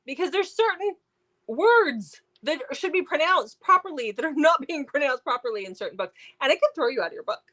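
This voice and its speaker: A woman's voice: high-pitched, very animated, a little fast, pushed and bright. A woman co-hosting a book review show, chatting casually and animatedly with lots of fillers. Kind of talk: casual chat.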